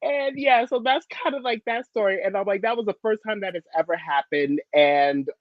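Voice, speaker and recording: A woman on a video call telling a story in a sassy, animated way, laughing often. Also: mid-range voice, a little fast, dry recording, lo-fi sound. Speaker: panelist. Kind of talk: casual storytelling.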